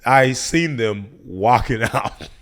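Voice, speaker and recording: Male comedian guest, 30s, laughing storyteller, acts out quotes, middle pitch. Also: expressive, slow pace, a bit bright. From United States. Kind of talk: casual podcast chat. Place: podcast studio.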